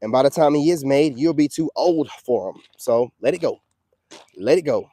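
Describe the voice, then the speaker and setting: A man's voice: medium pitch, lively intonation, normal speed, dark tone, husky, no room sound. A man delivering a blunt, confrontational, preachy rant to his viewers, full of slang and "you know what I'm saying.". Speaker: self-styled spiritual coach. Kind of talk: ranting monologue to viewers.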